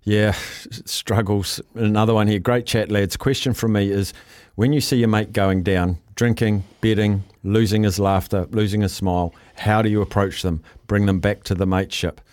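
A man hosting a podcast, asking direct, encouraging questions in a relaxed interview conversation. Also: on the low side, normal speed, few pauses, clean tone. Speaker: podcast host.

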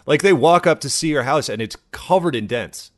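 A man's voice: a little high, lively intonation, moderate pace. A man co-hosting a comedy podcast, chatting casually, laughing often and slipping into silly impressions. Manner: laughs often, does goofy impressions mid-story. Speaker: podcast co-host.

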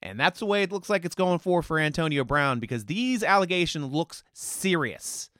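A man's voice: on the high side, expressive, moderate pace, a bit bright, no echo, studio quality. A man hosting a sports podcast, giving heated, opinionated, mocking commentary.

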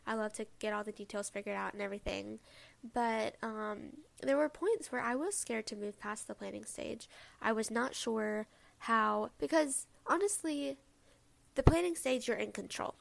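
With a creaky, slightly high voice at a moderate pace, this young woman rambles through a casual solo episode of her podcast, tossing in lots of asides.

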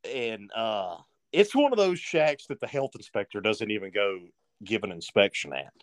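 A man's voice: on the low side, very animated, moderate pace, dry recording, clean studio sound. A man telling a rambling story as a guest on a casual podcast.

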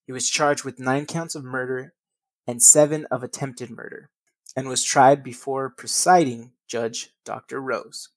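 A man's voice: mid-range voice, steady tone, unhurried, no room sound. A man reading a true crime account aloud, stumbling over words and breaking into crude, profane casual asides. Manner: reads from notes with slips, then drops into profane casual asides.

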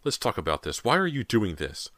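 A man voicing a frightened, desperate teenage girl in an audiobook, lifting his voice high to plead and cry out. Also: big pitch swings, brisk, a bit bright, dry recording. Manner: high, cries out shrilly.

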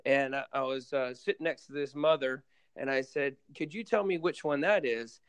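Coach guy rambling thru a story on a podcast, smooth clear voice, dry sound. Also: mid-range voice, normal speed, no echo. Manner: rambling, many fillers and restarts. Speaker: guest basketball coach. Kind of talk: casual storytelling in a podcast interview.

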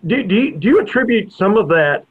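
A man hosting a radio sports show, asking long, halting questions. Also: sits high, sing-song, husky. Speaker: radio host. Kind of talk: casual radio interview. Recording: tinny phone-like radio audio.

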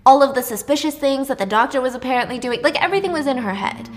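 A woman casually retelling a drama's plot, chatty and lively, raising her voice when she acts out the characters' lines. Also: quick pace. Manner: chatty, acts out dialogue with raised pitch. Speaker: drama recap narrator. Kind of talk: casual storytelling recap.

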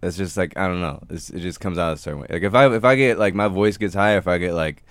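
A man talks in a very low voice, measured and a little hesitant. He is recorded close and dry. The feel is easy, casual conversation. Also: no echo. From Detroit. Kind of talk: casual chat.

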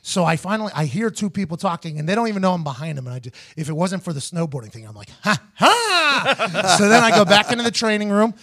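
A man's voice: high-pitched, rapid-fire, hardly any pauses. A man hosting a podcast, telling a story casually, acting out the other people's voices and swearing freely. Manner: animated, acts out others' voices in his stories, swears freely. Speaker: podcast host.

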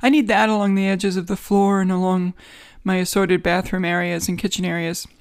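A woman's voice: lowish voice, flat delivery, a little fast, clear, resonant tone, no echo, clean studio sound. A woman with a New York accent hosting a casual solo podcast from a home guest bedroom, sarcastic, rambling and self-mocking. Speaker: podcast host.

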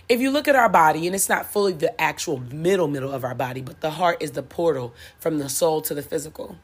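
Speaking quickly with few pauses, this woman has a low, expressive, slightly rough voice. As a spiritual motivational speaker, she preaches bluntly with plenty of swearing, repeating key lines and cracking herself up.

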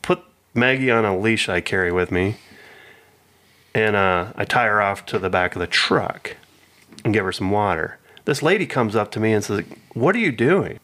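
A man's voice: fairly low pitch, normal speed, bright, forceful tone. A man telling a long rambling story in casual chat with a friend. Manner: rambling anecdotal, acts out quoted voices.

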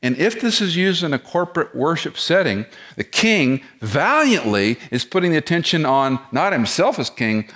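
A man's voice: medium pitch, very animated, moderate pace, a bit bright. A middle-aged man preaching an expository sermon, explaining the text verse by verse and posing rhetorical questions as he teaches. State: lives with chronic back pain. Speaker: pastor.

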